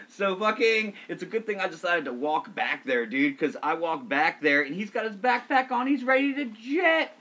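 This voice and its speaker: A man's voice: sits high, moderate pace, hardly any pauses, sharp tone. Laughing young male co-host. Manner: laughing storyteller. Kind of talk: casual profane chat.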